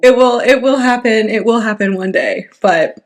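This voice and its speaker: A woman co-hosting a podcast in casual chat, chatty and quick to laugh. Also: a little high. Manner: giggly, chatty. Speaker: podcast co-host, student pilot.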